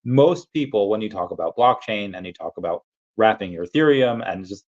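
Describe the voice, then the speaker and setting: Low-voiced man chatting on a livestream. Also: animated, a little fast, dull audio. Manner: rambling, reads viewer comments aloud. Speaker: livestream host. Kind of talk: casual livestream chat.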